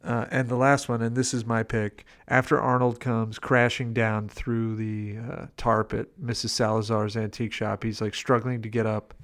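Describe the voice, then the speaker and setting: This mid-range, level-toned co-host talks at a moderate pace, rarely pausing, as he casually reviews a movie on a podcast. His manner is easygoing, and he mimics lines from the film playfully.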